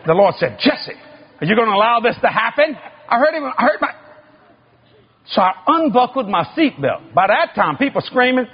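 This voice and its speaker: A preacher man tells his story in a high, lively voice that leaps around in pitch and rises to shouts. His tone is husky. The recording sounds dull and muffled. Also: normal speed. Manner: animated, acts out sounds and voices, builds to shouting. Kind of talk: sermon storytelling.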